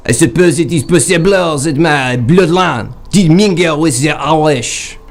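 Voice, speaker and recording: A man doing a self-important butterfly hunter with a thick mock-French accent and a fairly high, light voice. He talks in grand, clumsy stage-French phrases, with faint music under him on a live comedy stream. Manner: overblown, haughty, halting stage-French phrasing. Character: pompous male French butterfly collector. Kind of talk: improv comedy character.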